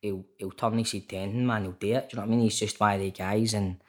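A Scottish man, an actor and podcast guest, telling lively stories in a casual chat, swearing freely and calling the host mate. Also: fairly low pitch, racing. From Scotland. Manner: chatty storyteller, keeps saying mate, swears freely. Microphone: remote call.

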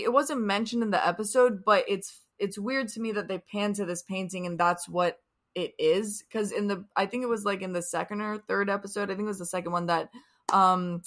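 A woman's voice: mid-range voice, fairly bright tone. A young woman co-hosting a casual TV recap podcast, rambling, swearing freely, and trailing off into restarts. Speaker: podcast co-host. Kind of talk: casual chat.

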